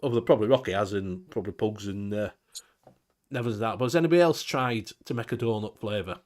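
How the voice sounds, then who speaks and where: A man's voice: on the low side, fast, a little mellow. A man, hosting a casual live-stream chat, reading out viewer comments, laughing often and swearing casually. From England.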